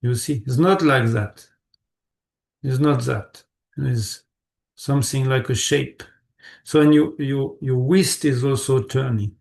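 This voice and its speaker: Gravelly-voiced male meditation teacher. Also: mid-range voice, steady tone, takes it slowly, pauses often, darkish tone. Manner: patient, repeats words, checks students often. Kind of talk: live online class instruction.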